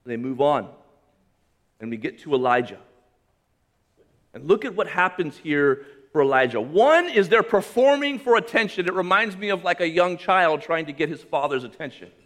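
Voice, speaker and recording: A man preaching a sermon, reading scripture aloud and commenting on it with humor and emphasis, swinging between loud raised lines and quiet, low drops. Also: expressive, moderate pace. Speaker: pastor.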